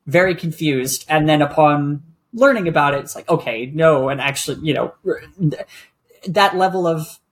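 A podcast guest who talks reflectively in a casual conversation and often pauses to find words. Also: mid-range voice.

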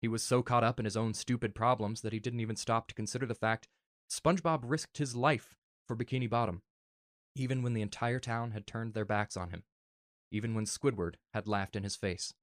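A man earnestly reading a fan story aloud in a soft, emotional way. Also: fairly low pitch, fairly even intonation, brisk, dry recording, clean studio sound. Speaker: narrator.

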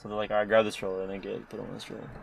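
A man's voice: lowish voice, little pitch movement, rapid-fire, creaky, slight background noise. A young man in casual chat, telling a story with lots of swearing, acting out quotes and laughing often.

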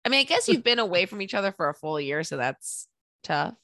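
Chatty woman with a lively voice. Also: medium pitch, dry recording, clean studio sound. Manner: chatty, laughing, quick asides. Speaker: podcast co-host. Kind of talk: casual chat.

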